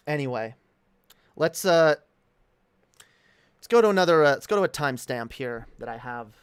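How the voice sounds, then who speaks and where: A man's voice: a little high, animated, measured pace, long pauses, clean tone, no echo. Guy ranting on stream, sarcastic and combative, dry close mic. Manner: mocking, combative, laughs often. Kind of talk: casual stream commentary.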